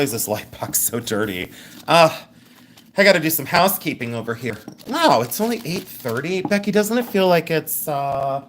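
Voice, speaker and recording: A woman's voice: rumbling low, a little hiss or hum. A middle-aged woman hosting a live jewelry sale in a chatty, joking way, laughing often. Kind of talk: live-stream sales chat.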